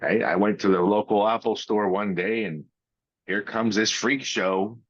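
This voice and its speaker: A man's voice: fairly low pitch, fairly even intonation, no room sound. Blunt, profane man, dry lo-fi sound. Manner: blunt and profane, with drawn-out pauses. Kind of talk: casual chat.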